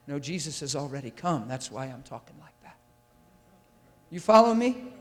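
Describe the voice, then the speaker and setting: Male preacher, high-ish voice, fiery and emphatic, long hall reverb on the mic. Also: very animated, normal speed. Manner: intense and emphatic, with rhetorical questions to the audience. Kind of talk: sermon. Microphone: handheld or stand mic.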